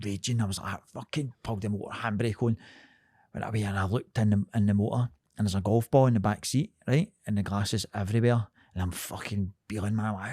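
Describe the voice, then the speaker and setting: A man's voice: fairly low pitch, fairly quick, husky, no room sound, clean studio sound. A man in his thirties with a Scottish accent, co-hosting a podcast and telling a story in casual, sweary chat, laughing as he goes. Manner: lively, sweary, laughs through his stories. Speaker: podcast co-host.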